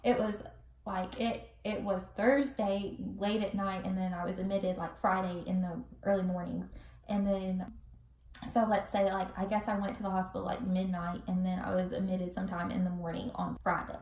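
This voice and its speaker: A young woman casually telling a personal story to the camera, chatty and animated, acting out what people said. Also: medium pitch, normal speed. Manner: chatty, animated, acts out quotes with laughs. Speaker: vlogger telling her birth story. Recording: roomy echo, recorded from a distance.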